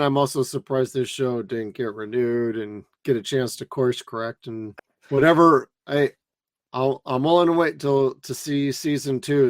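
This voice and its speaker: A man co-hosting a casual podcast chat, relaxed and swearing casually as he thinks aloud. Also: medium pitch, dry recording, clean studio sound. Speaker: co-host.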